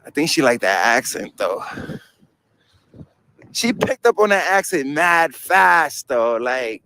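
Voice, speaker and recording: A man's voice: on the high side, very animated, slow, pushed and bright. Slangy New York man on the street. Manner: slangy, swearing, joking, rambling. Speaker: first amendment auditor. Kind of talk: casual street talk to camera and police. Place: outdoors on a city street.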